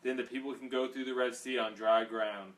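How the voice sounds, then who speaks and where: A man reading the Lord, loud and commanding. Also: mid-range voice, steady tone, brisk, close to an everyday voice. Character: the Lord speaking to Moses, commanding. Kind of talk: scripture read aloud. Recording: distant mic, faint background noise.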